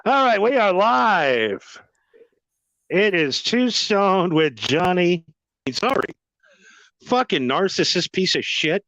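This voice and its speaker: A man's voice: high voice, expressive, slow pace, pauses often, fairly bright tone, dry recording, low-quality recording. A man hosting a podcast in casual chat, crude and joking, laughing often. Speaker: podcast host.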